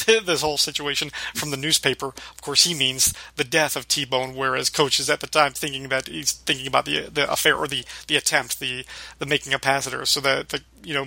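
Bright, rambling man on a podcast. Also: on the high side, vocal fry, no echo. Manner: rambling, with many fillers and restarts. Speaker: podcast co-host. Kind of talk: casual podcast discussion.

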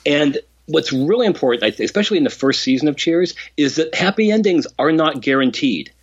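A man's voice: on the high side, lively intonation, a little fast, slightly rough, highs cut off. A man co-hosting a casual podcast about a sitcom, enthusiastic and analytical, quoting lines. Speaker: podcast co-host.

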